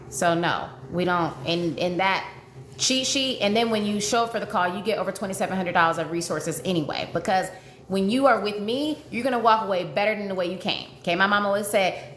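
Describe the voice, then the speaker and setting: A woman's voice: medium pitch, a bit bright. A woman dating coach talking live with her viewers, emotional and repeating herself as she pleads and reassures. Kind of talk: livestream chat with viewers. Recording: echoey room with faint noise.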